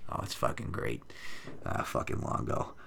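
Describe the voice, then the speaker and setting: The recording carries a little hiss or hum as a man speaks at a moderate pace in a slightly bright voice. He's a podcast host giving fight betting picks, reading the chat, and bantering with loose, profane sarcasm on a livestream.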